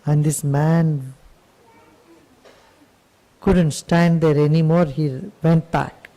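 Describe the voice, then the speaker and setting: A man giving a spiritual talk as a teacher, telling a story in a gentle, unhurried storytelling manner. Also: a little high, fairly even intonation, low-quality recording.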